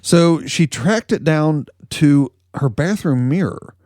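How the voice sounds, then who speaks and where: A man's voice: fairly high pitch, animated, slow, darkish tone, dry recording. Guy co-hosting a comedy news podcast, jokey and rambling, dry mic sound. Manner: joking, rambling storytelling with laughs. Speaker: podcast co-host. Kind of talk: casual comedic news chat.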